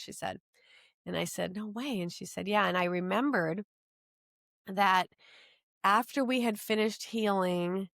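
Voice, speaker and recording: An older woman recounts her story as a podcast guest, her voice sitting low. She talks earnestly, words tumbling out in long run-on sentences with frequent restarts. The sound is dry and close, with no room around her. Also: dry recording. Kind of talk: personal storytelling in an interview.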